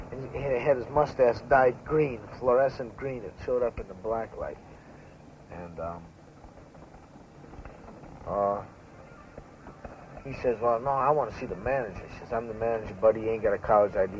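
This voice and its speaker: An actor playing a pushy young greaser, talking in a crude, slangy, rambling way in naturalistic 1970s film style. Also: male voice, mid-range voice, darkish tone, close to an everyday voice. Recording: dull lo-fi 1970s film sound with hiss.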